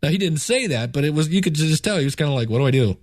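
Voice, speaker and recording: A man hosting a podcast, telling stories in a casual, animated way and jumping into quoted voices. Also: fairly high pitch, quick pace, no room sound, studio quality. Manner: playful, jokey phrasing. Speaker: podcast host. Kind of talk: casual solo podcast storytelling.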